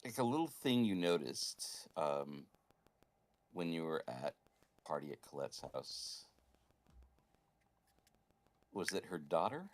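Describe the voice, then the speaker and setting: An American man who runs the table, talking with a fairly low voice that rises and falls a great deal. He chats loosely between scenes, dry and blunt, swearing without a second thought. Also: animated, slow, pauses often. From United States. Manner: wry and blunt, swears freely. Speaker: game master. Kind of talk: casual out-of-character table chat.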